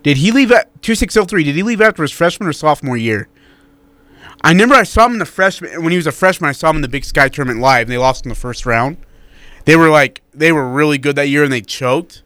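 A man co-hosting a sports talk radio show, chatting in a blunt, animated way and reading out listener texts. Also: fairly high pitch, fast, no room sound.

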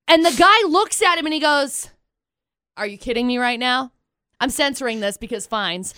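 A woman co-hosting a morning radio show, telling stories in a lively way and acting out the people she quotes, on a studio mic. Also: sits high, normal speed, clean tone, dry recording. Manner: animated storyteller, acts out quotes. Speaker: radio co-host.

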